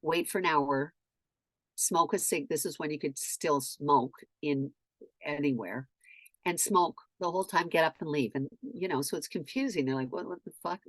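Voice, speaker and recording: Profane, animated woman telling stories. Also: low-pitched, moderate pace, no room sound, studio quality. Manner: animated, profane, acts out shouted quotes. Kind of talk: casual storytelling chat.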